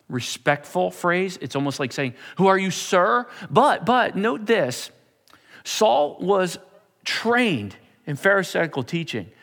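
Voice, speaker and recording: A man's voice: a little high, fairly bright tone, in a large hall. A man preaching a sermon, telling the story with animation and repeating words as he builds. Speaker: pastor.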